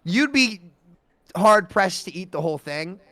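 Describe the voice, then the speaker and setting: A young man from the United States chats on a podcast call and tells long, animated stories packed with fillers. His voice sits a bit high and sounds dry and close, with no room around it. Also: measured pace, dry recording. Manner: animated storyteller, lots of fillers. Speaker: podcast co-host. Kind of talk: casual chat.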